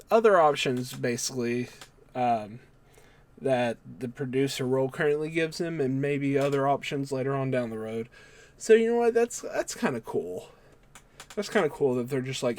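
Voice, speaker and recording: A man's voice: medium pitch, darkish tone. Rambling man recapping wrestling news. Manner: rambling, loose, with many fillers and self-corrections. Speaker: wrestling news channel host. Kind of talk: casual solo news recap.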